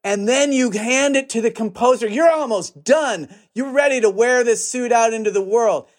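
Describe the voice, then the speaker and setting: High-voiced man, joking and explanatory. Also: normal speed. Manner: joking, builds long comparisons. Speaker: guest film director. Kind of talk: conversational explanation.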